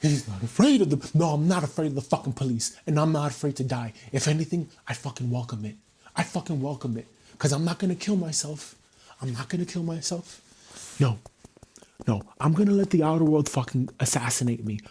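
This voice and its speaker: A man's voice: a little high, fairly quick, dark tone, husky. A man talking unscripted on his livestream, venting heatedly and swearing often.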